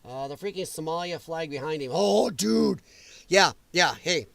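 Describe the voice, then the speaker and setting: A man's voice: on the high side, animated, moderate pace, creaky, a bit bright. A man hosting a political commentary livestream, ranting in a heated, sarcastic and mocking way. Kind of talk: livestream rant.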